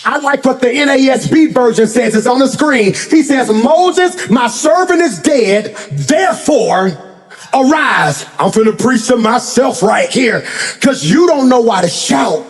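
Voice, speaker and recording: High-voiced preacher shouting in a reverberant hall. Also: male voice, moderate pace, faint music behind. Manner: dramatic storytelling, swinging into shouted preaching. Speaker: pastor. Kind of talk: sermon. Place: church sanctuary.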